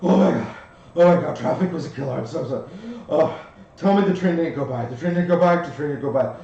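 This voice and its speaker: A man voicing a flustered adult who has just arrived late in a tabletop game, talking fast, recorded from a distance in an echoey room. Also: a little high, gravelly, dark tone, dull audio. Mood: frantic. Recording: echoey far-off room mic.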